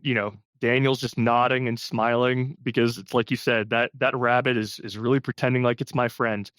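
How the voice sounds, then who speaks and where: A man's voice: mid-range voice, normal speed, a bit bright, no echo. A man co-hosting a podcast, casually discussing films and retelling scenes with animation. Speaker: podcast co-host.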